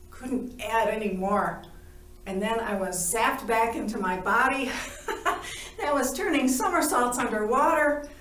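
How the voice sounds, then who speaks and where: A woman's voice: on the high side, a bit bright. Laughing woman telling her story in a roomy space. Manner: playful, laughs often, acts out dialogue. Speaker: near-death experience witness. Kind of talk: animated personal storytelling. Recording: roomy, from a distance.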